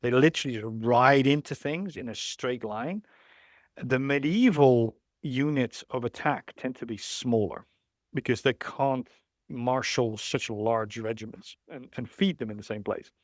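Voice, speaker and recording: A man's voice: medium pitch, a little slow, no room sound, studio quality. A man who is a guest on a podcast, explaining history in a thoughtful, rambling way with many restarts. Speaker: guest, historical riding expert. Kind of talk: conversational explanation.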